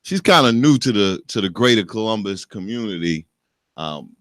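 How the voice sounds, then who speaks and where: Middle-aged guy hosting radio, kinda low voice, joking around and swearing, dry close mic. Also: animated, moderate pace, fairly bright tone, no echo. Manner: joking, profane banter. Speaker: radio show host. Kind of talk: casual radio chat. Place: radio studio.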